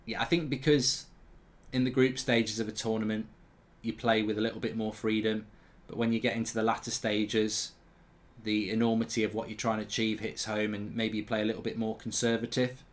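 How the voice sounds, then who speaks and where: A man's voice: fairly low pitch, level tone, fairly quick. A man hosting a live football watchalong, chatting and answering viewer questions. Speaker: host.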